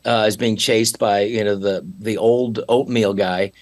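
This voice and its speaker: A man's voice: lowish voice, steady tone, a little slow, darkish tone. A man appearing as a podcast guest, explaining his views in an earnest, instructive way. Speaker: guest actor. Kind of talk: casual chat.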